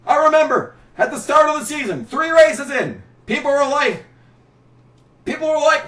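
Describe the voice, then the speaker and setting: A man with a very high voice rants sarcastically, his exasperation spilling into shouts. He sits back from the microphone in an echoey room, so his voice sounds distant and roomy. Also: normal speed. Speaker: racing commentary vlogger. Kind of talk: ranting commentary. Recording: roomy, set back from the mic.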